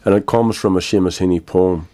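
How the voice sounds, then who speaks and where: An older Irish man, a guest in a radio interview, speaking in a measured, grave way with frequent pauses. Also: low-pitched, steady tone, mellow. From Ireland.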